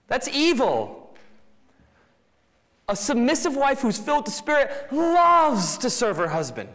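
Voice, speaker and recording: A man's voice: sits high, big pitch swings, a little slow, a bit bright. A man preaching a sermon to his congregation, talking in a conversational way and rising to emphatic bursts. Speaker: pastor. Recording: reverberant hall.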